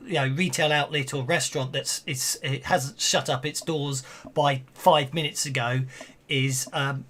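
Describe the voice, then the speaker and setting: Rambling male game master, higher voice. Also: a bit bright, a little hiss or hum. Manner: rambling with many fillers and restarts. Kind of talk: narrating a tabletop game.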